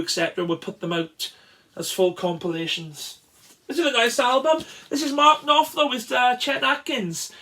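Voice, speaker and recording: A man casually showing records from his collection, chatty and enthusiastic, with frequent pauses and restarts. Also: high voice, bright, forceful tone. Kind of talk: casual record show-and-tell.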